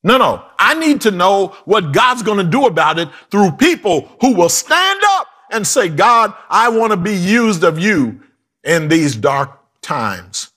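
A man preaching a sermon with humor and asides, swinging from shouts to hushed quoted lines. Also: high-pitched, big pitch swings, a little slow.

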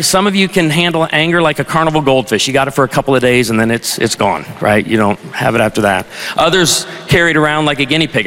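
Humorous preacher in a reverberant hall. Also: male voice, medium pitch, a bit bright. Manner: conversational storyteller, wry humor. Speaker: pastor. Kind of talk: sermon with humorous anecdotes. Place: large university auditorium.

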